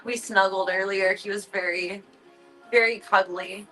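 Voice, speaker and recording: A woman's voice: medium pitch, fairly even intonation, a little slow, bright, forceful tone, faint music behind, poor audio. Playful woman cooing at her cats. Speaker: livestreamer. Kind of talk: casual livestream chat.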